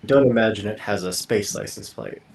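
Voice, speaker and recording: A man playing a tabletop role-playing game, talking things over in a measured, deliberate way. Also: fairly low pitch, creaky, darkish tone, reverberant. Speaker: tabletop player. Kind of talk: casual tabletop role-play talk.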